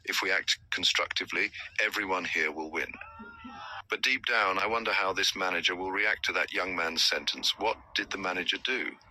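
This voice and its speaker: A man's voice: sits low, moderate pace, pushed and bright, slight background noise, low-quality recording. A man giving a motivational storytelling talk as a trainer, acting out the dialogue he quotes. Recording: music playing behind voice.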